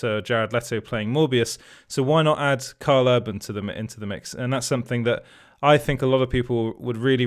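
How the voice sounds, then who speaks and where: A man hosting an entertainment news show, talking casually and rambling with frequent restarts and self-corrections. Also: medium pitch. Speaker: host.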